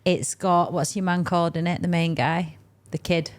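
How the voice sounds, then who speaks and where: Low-voiced English woman, teasing. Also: flat delivery, moderate pace. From England. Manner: teasing, laughs often. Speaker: podcast co-host. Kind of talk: casual chat.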